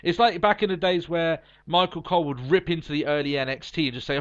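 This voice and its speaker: A fairly high-voiced man co-hosts a casual podcast, ranting bluntly and cursing as he makes his points. The sound is a bit dull and lo-fi. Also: steady tone, fast talker, few pauses, fairly bright tone. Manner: blunt opinionated ranting with swearing. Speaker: podcast co-host. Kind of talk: casual wrestling chat.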